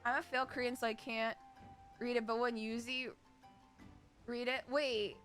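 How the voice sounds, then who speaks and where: An American woman streamer chatting casually, giggly and excitable. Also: on the high side, moderate pace, faint music behind. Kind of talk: casual live-stream chat.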